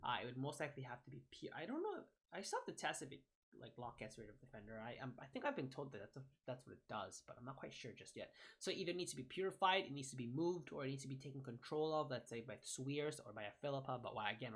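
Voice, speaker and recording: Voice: medium pitch, big pitch swings, fast talker. A young adult gaming creator giving casual card-ranking commentary, rambling and often correcting and hedging mid-sentence.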